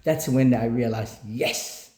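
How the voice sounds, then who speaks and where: A man telling a lively motivational story about not giving up, switching between English and another language and acting out what others said. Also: mid-range voice, takes it slowly, roomy sound. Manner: animated, switches between English and Samoan, acts out quotes.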